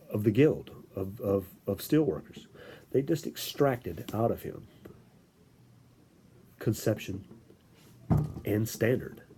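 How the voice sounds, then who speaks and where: A man giving an informal lecture, halting, with frequent restarts and filler words. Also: fairly low pitch, a little hiss or hum. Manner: animated storytelling with acted-out quotes.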